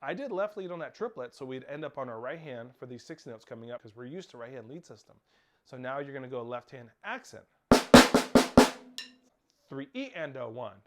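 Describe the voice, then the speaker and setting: Against a noisy backdrop of snare drumming, a man teaches a snare lesson, counting off and calling out rhythms and stickings, at times shouting over the drums. His mid-range voice has lively intonation and a moderate pace, fitting his role as a percussion teacher.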